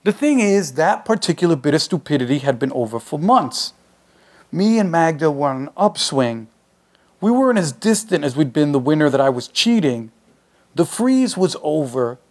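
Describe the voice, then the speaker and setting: A man's voice: a little high, sing-song, normal speed. A man reading his own short story aloud, in a conversational, streetwise first-person voice.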